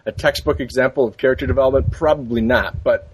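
A man hosts a podcast in loose, casual banter, rambling from joke to joke and restarting his sentences. His voice is slightly husky. He sits at a middling pitch for a man. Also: brisk, few pauses, no room sound, low-quality recording. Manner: rambling, joking, many restarts. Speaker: podcast host.

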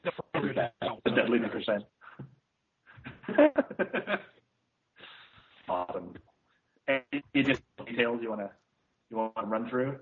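A man's voice: mid-range voice, big pitch swings, takes it slowly, long pauses. A man co-hosting a casual podcast, giving a rambling, scathing film review full of "uh" and "like". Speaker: podcast co-host reviewing films. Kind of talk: casual chat. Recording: tinny phone-like line.

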